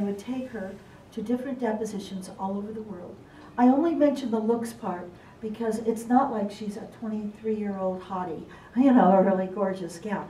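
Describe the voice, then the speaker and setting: A woman presenting a live seminar to court reporters, talking in a lively, playful way and acting out the people she describes. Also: mid-range voice, slight background noise. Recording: echoey room, voice from far off.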